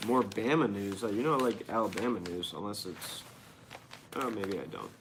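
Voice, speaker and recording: A man's voice: lowish voice, moderate pace, noisy background. A man reads news headlines aloud and riffs on them as host of a casual show. He is irreverent and sarcastic, swearing freely as he comments. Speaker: podcast host reading the news.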